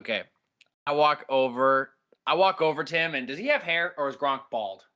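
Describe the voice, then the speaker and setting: Eager player, man, sharp bright tone, casual game chat. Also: on the high side, animated, normal speed. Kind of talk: casual tabletop game play.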